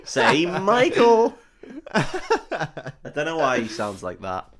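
A man's voice: medium pitch, huge pitch swings, slow pace, a loud crowd. A man co-hosting a podcast, bantering and spinning comic scenarios while laughing. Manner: jokey, riffs on scenarios, laughs. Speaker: podcast co-host. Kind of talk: casual banter.

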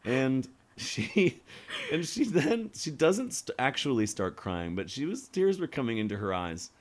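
A man's voice: mid-range voice, normal speed. A man on a casual beer podcast, telling restaurant stories and acting out customers. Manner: animated storyteller, acts out customers. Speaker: podcast guest. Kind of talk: casual chat over beers.

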